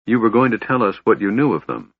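A man voicing a gentle, noble woman in a fantasy tale. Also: lowish voice, very animated, quick pace, vocal fry, breathy edge, dry recording, narrow, tinny audio, voice pushed up, full character voice.

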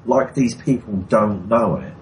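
A man's voice: fairly low pitch, big pitch swings, a little slow, a little hiss or hum, low-quality recording. A man co-hosting a podcast, grumbling with dry sarcasm while chatting about a TV episode. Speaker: podcast co-host. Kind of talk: casual chat reviewing a TV episode.

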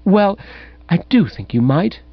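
Man voicing a young upper-class woman, pleading, wheedling, high, lively, dull dry recording. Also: measured pace, no echo, full character voice.

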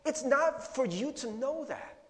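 A man preaching a sermon in a conversational, animated way, acting out his own worried thoughts. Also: very high voice, a little slow, in a large hall. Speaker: pastor.

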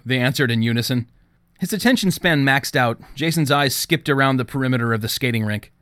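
A man reading an audiobook in scripted narration, with a steady, even storytelling manner on a close studio mic. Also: medium pitch, fairly quick, dry recording.

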